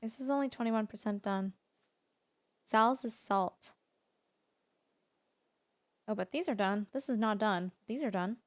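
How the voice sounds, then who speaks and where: A woman streams a farming game, chatting casually and playfully teasing her viewers. Her medium-pitched voice is unhurried and broken by long pauses, with no room sound.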